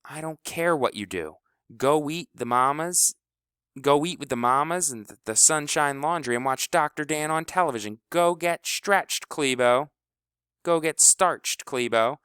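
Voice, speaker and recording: A man's voice: on the high side, a little slow, a bit bright, clear, resonant tone, dry recording, studio quality, pitched above the performer's own voice. A man doing a curt, stubborn boy. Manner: curt, dismissive.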